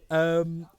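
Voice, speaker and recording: A man playing a tabletop role-playing game, excitable and laughing, swearing as he describes his character's attacks. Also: a little high, clean tone, no echo. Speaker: player.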